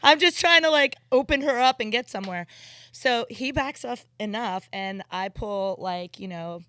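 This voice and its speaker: A woman guest on a podcast, telling a story excitably and swearing freely. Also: a little high, moderate pace. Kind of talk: casual chat.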